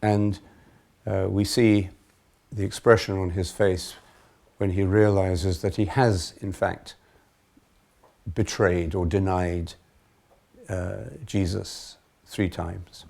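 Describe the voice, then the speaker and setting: A man leading a spiritual retreat as a monk, speaking in a measured, thoughtful way with pauses and fillers. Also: deep voice, little pitch movement, vocal fry, darkish tone. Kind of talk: reflective spiritual retreat talk.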